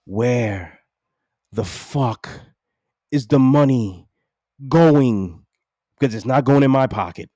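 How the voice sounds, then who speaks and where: A man's voice: medium pitch, lively intonation, slow pace, long pauses, dark tone, no room sound, studio quality. A New man in his forties ranting profanely and with exasperation as a podcast co-host. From New York City. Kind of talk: casual chat.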